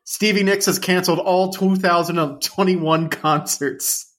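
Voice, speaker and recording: A man's voice: high-pitched, fairly even intonation, measured pace, a bit bright. A man co-hosting a comedy podcast, riffing loosely and correcting himself as he talks. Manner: riffing, rambling, self-correcting. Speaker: podcast co-host. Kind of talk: comedic casual banter.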